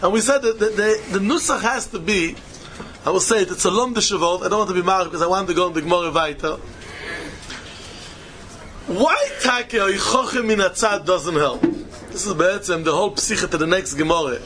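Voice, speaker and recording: High-voiced man teaching with a lilt. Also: a little fast, a bit bright, slight background noise. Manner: emphatic and repetitive, chuckling while explaining. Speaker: Talmud teacher. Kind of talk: Talmud lecture.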